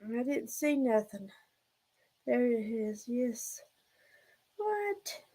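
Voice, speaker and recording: A woman's voice: fairly high pitch, very animated, very slow, warm tone. A woman hosting a casual livestream, rambling and out of breath as she talks to her viewers. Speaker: livestream host.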